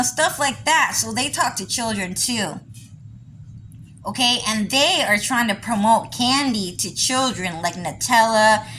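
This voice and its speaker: A woman's voice: fairly high pitch, a bit bright, slight background noise, poor audio. A woman, rambling through a casual monologue for her diary vlog, full of "you know" and "like.". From California. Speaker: diary vlogger.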